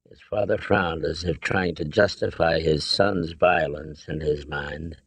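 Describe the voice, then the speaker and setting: A man narrating an audiobook in a measured, deliberate way. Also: a bass voice, steady tone, dry recording. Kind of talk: scripted narration.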